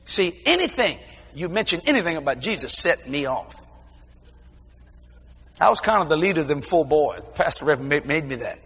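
Male preacher, bright forceful delivery, folksy storytelling with shouted bursts, long hall echo. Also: a little high, fairly quick, long pauses, slightly rough. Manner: animated storytelling with shouted exclamations; folksy, informal grammar. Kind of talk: testimony sermon.

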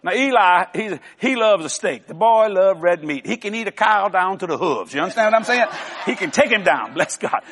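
High-voiced older preacher in a big hall. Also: male voice, lively intonation, a little fast, fairly bright tone, a little hiss or hum. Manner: folksy, emphatic, joking with laughs. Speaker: televangelist preacher. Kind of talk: sermon. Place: large church hall. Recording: long hall reverb.

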